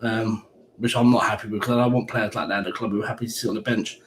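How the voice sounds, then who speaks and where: Blunt, swearing football fan in an echoey room. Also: male voice, lowish voice, fairly even intonation, fast. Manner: blunt, heated, swears freely. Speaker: fan pundit. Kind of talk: casual live-stream chat. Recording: echoey room with faint background hiss.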